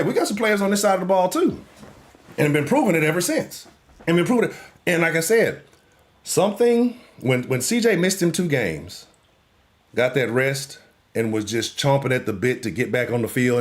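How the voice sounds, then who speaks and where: A man hosting a live sports talk show, ranting in a profane, animated way and swinging between loud outbursts and low mutters. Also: moderate pace. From Houston.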